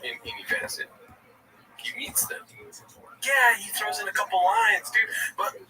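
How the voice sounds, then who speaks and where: A man's voice: extremely high pitch, very animated, measured pace, vocal fry, pushed and bright, recorded from a distance, soft background music, low-quality recording. A man hosting a casual comedic chat, swearing freely and calling everyone dude. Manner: swearing, says "dude" a lot. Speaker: podcast host.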